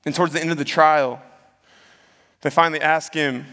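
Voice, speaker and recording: A man's voice: a little high, steady tone, moderate pace, sharp tone. A man preaching a sermon, retelling the story in a conversational way and acting out the quotes. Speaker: pastor. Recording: long hall reverb.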